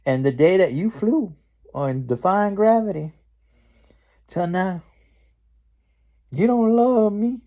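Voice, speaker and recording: A man's voice: medium pitch, little pitch movement, drawn-out words, few pauses, mellow, smooth. A man voicing a whiny, spoiled young witch who sasses and complains about her sister. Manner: sassy, complaining, mock-dramatic.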